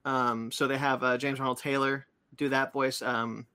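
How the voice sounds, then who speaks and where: Bright-voiced man rambling casually. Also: mid-range voice, level tone, moderate pace, clean tone. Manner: rambling, many fillers and restarts. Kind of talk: casual chat about comics and cartoons.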